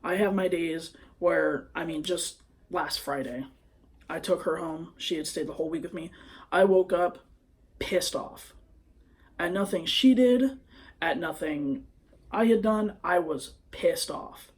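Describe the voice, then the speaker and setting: A man's voice: fairly high pitch, unhurried. A young man vlogging into his phone, telling a personal story in a hesitant, rambling way full of fillers. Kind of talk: confessional personal vlog.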